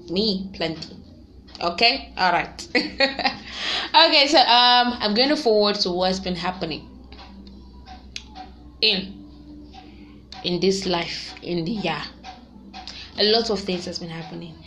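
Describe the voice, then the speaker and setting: A young woman chatting casually to her viewers, lively and quick to laugh. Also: mid-range voice, a little hiss or hum. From Nigeria. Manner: chatty and animated, laughs often, sings snatches of songs. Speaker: vlogger. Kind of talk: casual vlog chat.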